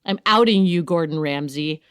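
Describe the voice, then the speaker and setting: Low-voiced woman reading ads chattily. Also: normal speed, fairly bright tone, clean tone. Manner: chatty and joking, laughs often. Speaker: podcast co-host. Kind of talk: casual host-read ad.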